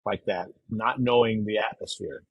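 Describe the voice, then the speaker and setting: A man's voice: lowish voice, moderate pace, vocal fry, husky, no echo, highs cut off. A man who is a guest on a podcast, chatting loosely and laughing easily. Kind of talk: casual chat.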